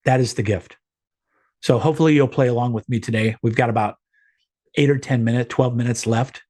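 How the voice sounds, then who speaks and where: A man's voice: mid-range voice, fairly even intonation, brisk, darkish tone. A middle-aged man leading a group video call, giving an earnest, encouraging motivational talk with frequent restarts.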